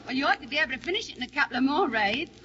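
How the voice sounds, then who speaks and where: An actress plays a gossipy, teasing housewife who chatters away in a high, bright voice. The 1940s radio drama comes through muffled, with a faint hiss. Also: female voice, animated, very fast. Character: chatty cockney wife in air-raid shelter.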